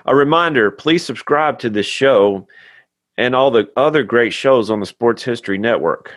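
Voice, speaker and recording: A man's voice: mid-range voice, lively intonation, normal speed, dry recording. A man from Tennessee, hosting a podcast with a scripted intro and a friendly, earnest chat. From Tennessee, USA. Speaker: podcast host. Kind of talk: scripted intro then casual interview.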